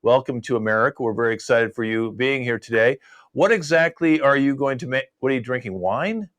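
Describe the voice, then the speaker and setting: Older male improv host, flustered professor, scolding in quick bursts, video call audio. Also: mid-range voice, fairly bright tone. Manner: exasperated, scolding, rapid questions.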